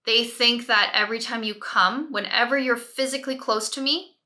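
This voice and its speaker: Bright-voiced woman parent coach. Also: on the high side, fairly even intonation, normal speed. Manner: coaching, direct, often adds "right?" checks. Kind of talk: advice talk to camera.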